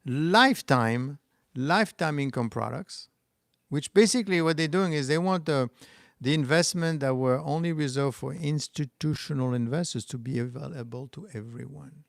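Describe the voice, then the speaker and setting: A man's voice: a little high, moderate pace, creaky, no room sound, clean studio sound. A middle-aged man with a French accent, hosting a stock market livestream in a loose, rambling way and answering chat comments. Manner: rambling, restarts, talks back to chat comments. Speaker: stock market channel host.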